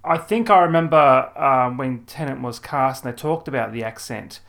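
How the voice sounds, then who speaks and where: A man's voice: medium pitch, normal speed, creaky, fairly bright tone. A man from New Zealand hosting a podcast, talking in a wry way and laughing between points. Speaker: podcast host. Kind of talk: casual chat.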